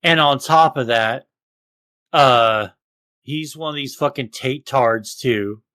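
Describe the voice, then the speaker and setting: A man's voice: mid-range voice, slow pace, pushed and bright, no room sound. A man co-hosting a casual podcast, swearing heavily and ranting. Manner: profane, ranting, mocks others in exaggerated voices. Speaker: podcast co-host.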